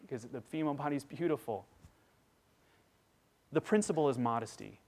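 A man in his thirties preaching a sermon, moving between hushed, intense passages and loud, emphatic ones. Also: medium pitch. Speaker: pastor.

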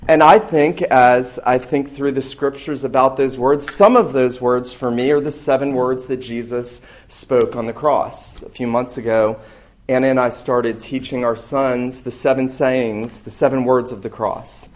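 A man's voice: mid-range voice, steady tone. Earnest man preaching a sermon. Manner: earnest, emphatic preaching with slow stressed phrases. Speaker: pastor.

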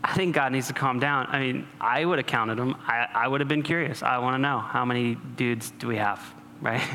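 A man preaching a sermon in a relaxed, conversational way, with humorous asides to the congregation. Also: medium pitch, brisk. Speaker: pastor. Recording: long hall reverb, faint noise.

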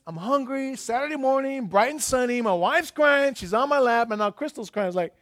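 A middle-aged man preaching a sermon, telling stories and swinging between loud emphasis and hushed asides. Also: very high voice, animated, normal speed. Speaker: pastor.

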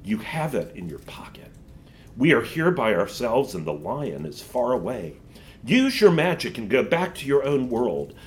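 A man's voice: medium pitch, sing-song, normal speed, lightly acted. A man reading a storybook aloud and voicing a scheming female witch who coaxes and scorns a boy. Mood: coaxing.

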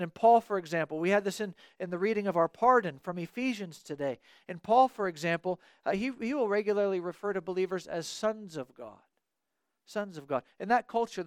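A man's voice: sits high, dry recording, clean studio sound. A man preaching a sermon as pastor, earnest, repeating key phrases and asking the congregation rhetorical questions.

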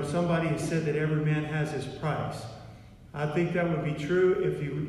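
A man's voice: a little high, a little mellow, a little hiss or hum. A man preaching a sermon in a repetitive, emphatic way, recorded in a church. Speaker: pastor. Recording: echoey hall from far off.

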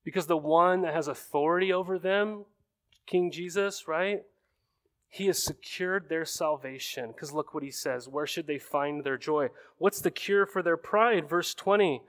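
A man's voice: on the high side, unhurried, fairly bright tone. A man in his thirties preaching a sermon in a conversational way, often checking in with rhetorical questions. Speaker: pastor.

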